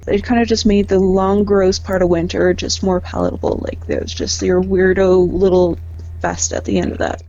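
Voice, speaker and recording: A woman's voice: mid-range voice, animated, normal speed, dark tone, dull audio. A woman photographer and artist talking in a casual podcast chat, candid and laughing often, with some casual swearing.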